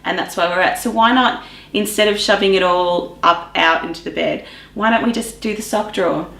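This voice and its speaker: A woman's voice: fairly low pitch, fairly quick, vocal fry, fairly bright tone. A woman, a professional organiser chatting as an interview guest and animatedly acting out conversations with her clients. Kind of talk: casual interview chat. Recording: echoey room.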